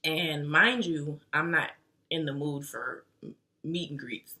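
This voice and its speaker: A young woman tells her vlog audience a story in a casual, slangy, chatty way, packed with fillers like "like." Her voice is deep and slow with a sharp tone.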